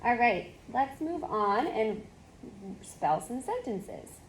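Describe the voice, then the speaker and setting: A woman tutoring one-on-one in phonics, giving patient step-by-step prompts and steady encouragement. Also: fairly high pitch, slow, slight background noise. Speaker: reading tutor.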